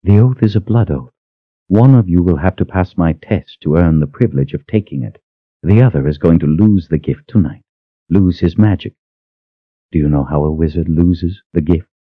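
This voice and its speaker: A man voicing a cold, cruel woman sorceress who speaks with measured, mocking calm in an audiobook. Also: deep voice, slightly rough, dry recording, narrow, tinny audio. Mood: cold menace.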